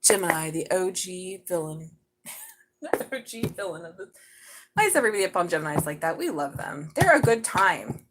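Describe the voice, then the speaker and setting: Excitable, chatty woman tarot reader. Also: lowish voice, moderate pace, slight background noise, poor audio. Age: middle-aged. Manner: chatty, excitable, swears casually. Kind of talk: live tarot reading.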